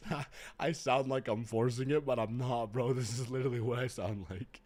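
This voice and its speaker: A man streaming a game live, sick, with an unusually deep and rough voice, chatting in slangy, exasperated asides to his viewers. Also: steady tone, brisk, a little mellow. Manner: slangy, exasperated, talks straight to chat. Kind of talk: casual live-stream chat.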